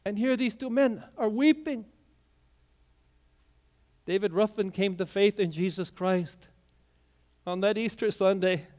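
A man preaching a sermon through a story, swinging from hushed lines to loud, emphatic peaks. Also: sits high, a little slow, long pauses.

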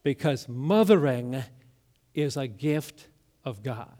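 A middle-aged man preaching a sermon as pastor, telling stories and dropping to a near hush on the words that matter. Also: medium pitch, lively intonation, takes it slowly. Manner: storytelling preacher, drops to a hushed voice on key words.

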